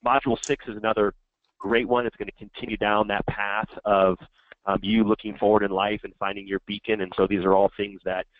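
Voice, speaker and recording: A man co-hosts a group coaching call and sums up the session in an easygoing manner. His voice is on the low side. The audio is dry and narrow, like a phone line. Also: little pitch movement, fairly quick, dry recording.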